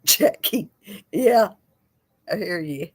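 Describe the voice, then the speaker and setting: Brief: middle-aged woman host, chatty and rambling, lowish voice, dry close sound. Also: expressive, slow, dry recording. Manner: rambling, chatty, laughs easily. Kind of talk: casual livestream chat reading comments.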